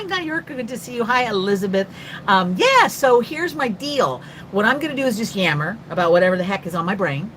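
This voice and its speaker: This is casual live-stream chat from an older North Carolina artist who talks fast and freely after coffee, calling out viewers by name as she rambles. Her voice is mid-range and fairly bright, and the rough recording carries a slight hiss or hum.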